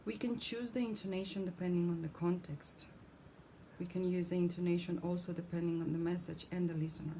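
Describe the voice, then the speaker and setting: Woman teacher, lowish mellow voice, clear explanatory lesson delivery, faint background hum. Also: steady tone, brisk, poor audio. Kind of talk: scripted lesson on speech.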